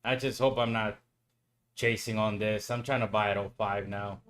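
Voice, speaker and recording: Bright-voiced exasperated trading streamer, man. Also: fairly low pitch, fairly even intonation, normal speed. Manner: exasperated, talks to himself, swears, pleads with the market. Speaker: live futures trading streamer. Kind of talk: live trading commentary to viewers.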